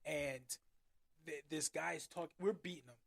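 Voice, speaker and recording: A man guesting on a casual podcast, telling excited, profane stories and laughing loudly. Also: a little high, measured pace, gravelly. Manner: excited, swearing storyteller who laughs loudly. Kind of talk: casual chat.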